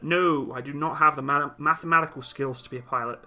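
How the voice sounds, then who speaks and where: A man's voice: a little high, fairly even intonation, fairly quick, pushed and bright. A young man from Britain hosting a live stream, reading out chat comments and answering them bluntly with some teasing. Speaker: livestream host answering chat questions.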